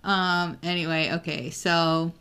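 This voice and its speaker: A woman's voice: lowish voice, level tone, slow pace, bright, forceful tone, clean tone. A woman co-hosting a podcast in casual book chat, frank and crude, often laughing. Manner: frank, giggly, crude humor. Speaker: podcast co-host.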